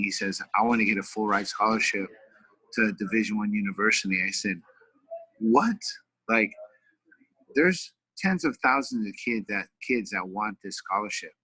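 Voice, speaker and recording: Middle-aged guy from california, bright forceful voice, kinda low, dry close sound, earnest and emotional. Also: breathy edge, no room sound, rough recording. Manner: earnest, emotional, repeats words and fillers. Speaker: retired fighter and wrestling coach. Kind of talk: casual interview storytelling.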